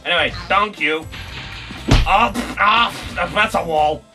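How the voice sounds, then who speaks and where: A young man giving jokey, excitable let's play commentary, yelping and swearing as he plays. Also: sits high, unhurried, recorded from a distance. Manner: excitable, jokey, swears, bursts into yelps and shouts. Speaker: gaming YouTuber. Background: game music.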